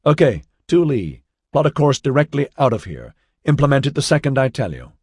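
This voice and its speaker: A man's voice: medium pitch, very animated, brisk, a little mellow, breathy edge, no room sound, studio quality, pitched above the performer's own voice. A man voicing a decisive male starship captain giving clipped orders. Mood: commanding.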